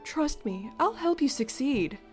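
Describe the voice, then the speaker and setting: A woman's voice: sits high, lively intonation, a little slow, a little mellow, faint music behind, voice pushed up. A woman doing a stern, controlling mother. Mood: scolding. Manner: scolding, insistent. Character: stern, controlling mother pushing her child.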